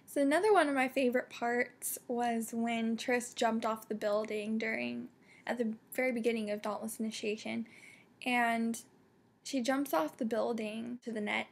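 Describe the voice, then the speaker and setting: A young woman chats excitedly through a casual book review. Her voice sits a little high and has a husky edge. She stumbles over her words and keeps saying "like" and "um". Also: moderate pace. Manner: excitable, many fillers and restarts. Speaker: book vlogger.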